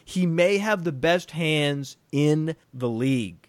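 A man hosting a fantasy football talk show, animated, swinging his pitch widely for emphasis and laughing easily. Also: takes it slowly, no echo. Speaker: podcast host.

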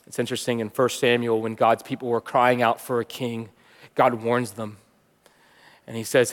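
A man preaching a sermon, swinging from soft and hushed to loud and emphatic. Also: mid-range voice, level tone, moderate pace. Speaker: pastor teaching. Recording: long reverb of a large hall.

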